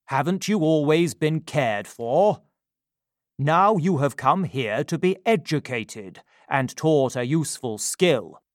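A man voicing a stern, pompous older gentleman who scolds loudly in a storybook reading. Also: fairly high pitch, lively intonation, takes it slowly, no room sound, studio quality. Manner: loud and scolding.

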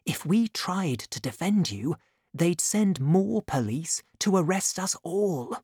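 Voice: medium pitch, animated, slow pace, darkish tone, breathy edge, no echo, studio quality, voice pushed up, exaggerated voice. A reader voicing a brave young male swordsman in a storybook, with a raised, eager, heroic delivery. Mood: whispering. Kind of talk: storybook reading.

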